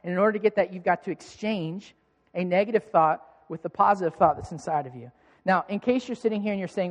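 A man preaching a sermon as a pastor, telling a self-mocking story in a lively way. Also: sits high, fast. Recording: long hall reverb.

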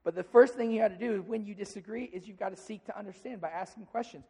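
A man's voice: high-pitched, fast talker, warm tone, husky, big-room sound. A man preaching a sermon as pastor, talking conversationally and acting out little dialogues.

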